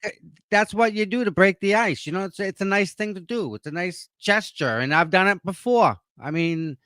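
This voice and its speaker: A man's voice: high voice, moderate pace, sharp tone, no echo, studio quality. A man agreeing emphatically in a casual discussion.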